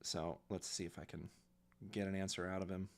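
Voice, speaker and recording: Male director, low voice, casual stream commentary, halting with fillers. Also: little pitch movement, vocal fry. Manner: hesitant, many fillers, dictates a message aloud.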